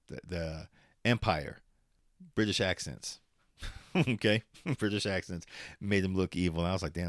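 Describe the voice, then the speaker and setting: Deep-voiced guy doing a solo podcast, cussing, laughing, slipping into pep talks, dry close sound. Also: no room sound. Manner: profane, rambling, laughs often; motivational pep talk. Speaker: podcast host. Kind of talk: casual solo podcast monologue.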